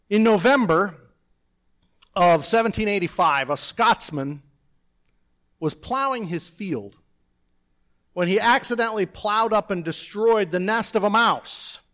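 A man's voice: high voice, a bit bright. A man preaching a sermon from a church pulpit, seated, easing in with self-deprecating stories and chatty asides. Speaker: pastor. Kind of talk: sermon with personal anecdote.

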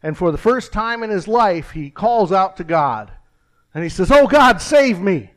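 An older man preaching a folksy, rambling sermon with a joke, pausing and restarting often. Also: high-pitched, animated. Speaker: pastor.

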